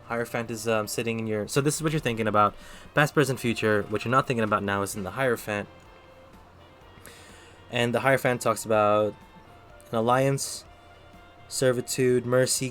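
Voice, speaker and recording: A man's voice: medium pitch, fairly even intonation, moderate pace, fairly bright tone, soft background music. A man streaming live, giving casual tarot readings and chatting with viewers, thinking aloud with lots of fillers. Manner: talks to chat between readings.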